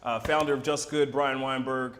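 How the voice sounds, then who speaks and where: A man's voice: mid-range voice, fairly even intonation, normal speed, a bit bright, a little hiss or hum. A man hosting a live charity broadcast, enthusiastic and promotional. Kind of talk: upbeat live-stream hosting. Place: broadcast set in Philadelphia.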